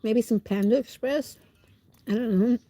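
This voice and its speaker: A woman's voice: on the high side, measured pace, warm tone, no echo. A woman livestreamer with a stuffy nose, chatting casually with viewers while she eats and answering their comments. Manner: chats while eating, talking with food in her mouth.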